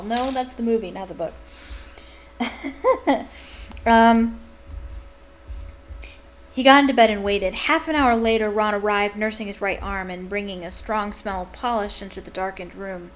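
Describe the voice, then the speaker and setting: A woman's voice: medium pitch, normal speed. A woman reading a novel aloud, breaking off into enthusiastic, chatty commentary. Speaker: reader and fan commentator.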